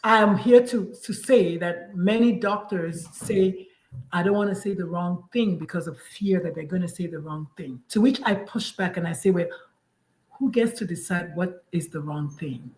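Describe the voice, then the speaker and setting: A woman from Nigeria hosting a casual chat, animated and acting out little dialogues as she explains her point. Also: on the low side, normal speed, reverberant, rough recording. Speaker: podcast host and parent coach.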